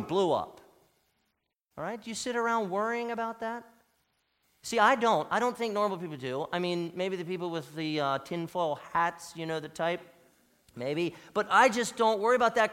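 A man with a high voice preaching in a church, his delivery emphatic as it surges loud and then drops to a near hush. The sanctuary gives his words a long, trailing reverb. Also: moderate pace. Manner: emphatic preaching with wide swings from loud to hushed. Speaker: pastor. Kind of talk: sermon.

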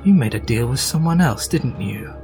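A man's voice: mid-range voice, expressive, normal speed, darkish tone, faint music behind, lightly acted. A man voicing a rival nobleman who speaks in a scoffing, accusing way. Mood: scornful. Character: scornful male rival lord.

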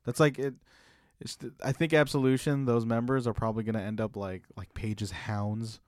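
A man co-hosting a podcast, bantering casually with jokes and quick asides. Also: medium pitch, fairly even intonation, no echo, studio quality. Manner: joking, quips and asides. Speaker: podcast co-host.

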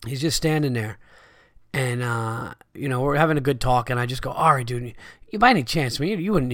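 A man hosting a podcast, telling a story casually, animated and swearing freely, loudly acting out his friends' lines. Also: medium pitch, fast talker, no echo, clean studio sound. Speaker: podcast host.

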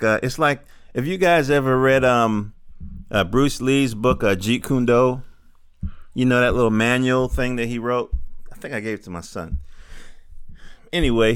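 A man's voice: mid-range voice, a bit bright, clean tone, no echo, studio quality. A middle-aged man giving a rambling, digressive monologue, full of fillers and casual swearing. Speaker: podcaster. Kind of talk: rambling stream-of-consciousness monologue. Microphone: handheld field recorder.

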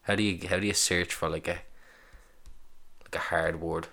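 A man with a fairly low voice hosts a casual solo podcast. He talks to himself as he browses, amused and swearing freely. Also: little pitch movement, moderate pace, bright, forceful tone. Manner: swearing, amused, reacting aloud while browsing. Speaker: podcast host.

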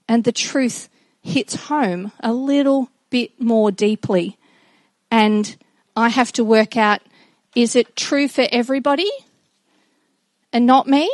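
A middle-aged woman giving a personal devotional talk to children and a congregation, earnest and reflective, with halting restarts. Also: a little high, no echo. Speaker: speaker addressing children and congregation.

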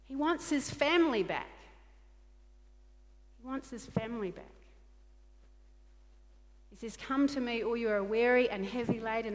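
A woman pastor delivers an earnest sermon, circling back to her points again and again. Her voice sits a little high for a woman. Each phrase rings on in the long reverb of a church hall. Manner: earnest, repetitive preaching with quoted dialogue.

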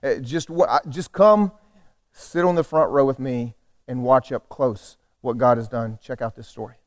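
A man's voice: mid-range voice, normal speed. A male pastor delivering a sermon with emphatic, repetitive phrasing that builds toward calls for the congregation to respond.

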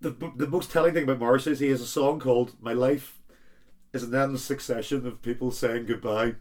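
A man co-hosting a comic chat, telling a long joke in a rambling way with sudden loud bursts. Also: medium pitch, steady tone, fairly quick. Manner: rambling storyteller who breaks into loud bursts. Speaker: podcast co-host.

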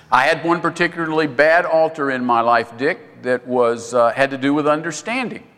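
A man preaching a sermon in a conversational way, jumping his pitch up high when he acts out other voices. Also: normal speed, few pauses, fairly bright tone, long reverb tail. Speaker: pastor.

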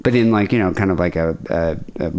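A man's voice: low voice, brisk, darkish tone, a little hiss or hum. A man hosting a podcast, chatting casually with crude, loose banter. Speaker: podcast host. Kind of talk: casual chat.

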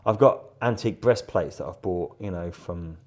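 A middle-aged guest artist rambles chattily in a live interview, laughing often and repeating words. He has a low, slightly mellow voice at normal speed.

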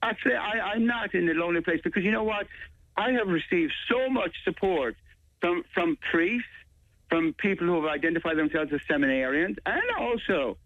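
A priest argues his point in a played-back radio interview, emphatic and insistent. His fairly high voice comes through dry and tinny, like a phone line. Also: expressive, normal speed, no echo.

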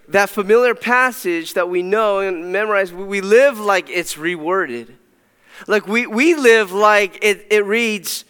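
A man's voice: sits high, animated, unhurried, fairly bright tone, clear, resonant tone, big-room sound. A man preaching a sermon as a pastor, emphatic and repeating phrases for stress. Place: church sanctuary.

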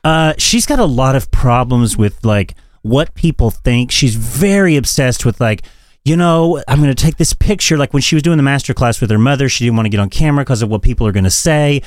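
A man's voice: medium pitch, a little fast, no echo. A man hosting a casual podcast chat, blunt and profane, prone to ranting. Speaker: podcast host. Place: London home studio.

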